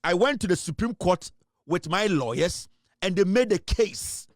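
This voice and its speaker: A man with a Ghanaian accent delivers heated political commentary in a high, animated voice. He is emphatic, with frequent fillers and quick shifts between English and Twi. The sound is dry and close. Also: no room sound.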